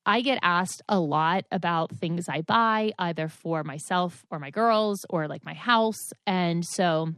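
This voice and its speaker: A woman hosts her own podcast, chatting on her own in a loose, gossipy ramble. Her pitch sits a little low. She keeps correcting herself and leans on "like" and "um" as she goes. The recording is close and dry, with no room sound. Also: fairly bright tone, clear, resonant tone, no echo. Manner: rambling, chatty, self-correcting with many fillers. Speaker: podcast host. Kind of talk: casual solo chat.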